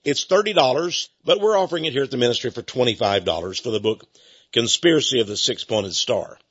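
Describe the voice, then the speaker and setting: A man hosting a radio ministry talk show, pitching a book and then commenting emphatically. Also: brisk, breathy edge, highs cut off. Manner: emphatic, animated delivery.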